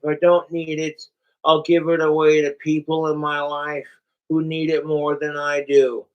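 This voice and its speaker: A man's voice: fairly high pitch, lo-fi sound. A young man livestreaming from home, rambling and swearing in a frustrated, casual monologue. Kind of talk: casual live-stream monologue.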